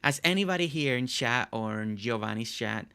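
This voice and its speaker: A man's voice: mid-range voice, expressive, normal speed, gravelly, bright, forceful tone, clear, resonant tone. A man from Puerto Rico hosting a casual game stream, chatting in a rambling way with lots of fillers. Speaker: streamer host.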